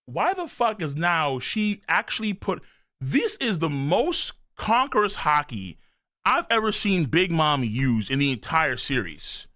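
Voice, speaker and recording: A man chats to his stream viewers in a casual, excitable way, swearing often and breaking into loud outbursts. His voice sits high, jumps all over the place, and has a bright, forceful edge. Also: unhurried. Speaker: streamer reacting to a manga chapter. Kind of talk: live reaction stream, casual chat to viewers.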